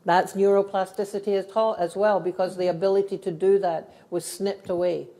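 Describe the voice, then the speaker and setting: A woman's voice: medium pitch, little pitch movement, moderate pace, mellow. A middle-aged woman with a Scottish accent, a guest speaker telling stories and answering questions at a live event for teachers. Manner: storytelling, laughing, earnest. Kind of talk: live talk and Q&A.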